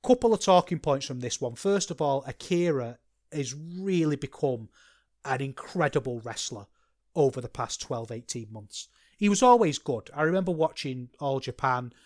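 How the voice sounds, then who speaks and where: A man's voice: medium pitch, expressive, normal speed, no room sound, clean studio sound. Rambling man reviewing wrestling. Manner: rambling, self-deprecating, frequent restarts and fillers. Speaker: podcast host. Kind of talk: solo podcast review.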